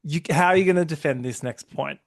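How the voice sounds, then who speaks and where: A man hosting a casual podcast chat, animated and laughing often as he acts out quotes in exaggerated voices. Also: a little high, quick pace, creaky, no room sound, studio quality. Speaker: podcast host.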